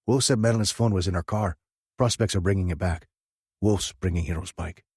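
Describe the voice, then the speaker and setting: A man's voice: low-pitched, fairly quick, a little mellow, slightly rough, no echo, studio quality. A man doing a growling, blunt biker enforcer. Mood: urgent. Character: gruff adult male biker, club enforcer.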